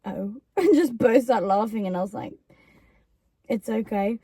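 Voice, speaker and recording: A woman's voice: on the high side, animated, unhurried, warm tone, slightly rough, no room sound. A young woman telling stories about her friend in a casual chat, quoting her in put-on voices. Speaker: YouTuber co-host.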